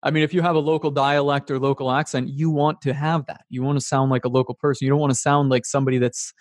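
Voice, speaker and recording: Male podcast host, brisk and chatty, dry close-miked sound. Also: mid-range voice, level tone, dry recording. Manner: chatty, quick to agree and build on points. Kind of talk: casual podcast conversation.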